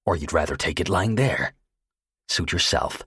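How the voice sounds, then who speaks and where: A man's voice: a bass voice, normal speed, fairly bright tone, husky, dry recording, clean studio sound, exaggerated voice. A male audiobook narrator voicing a cold, vicious young gunman who talks with venom. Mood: menacing. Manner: menacing, venomous. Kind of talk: audiobook character voice.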